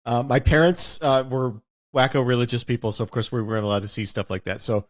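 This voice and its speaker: A man's voice: medium pitch, fairly even intonation, quick pace, a crowd in the background. A man hosting a podcast, telling a childhood anecdote in a wry, casual way with some swearing. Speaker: podcast host. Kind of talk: casual storytelling.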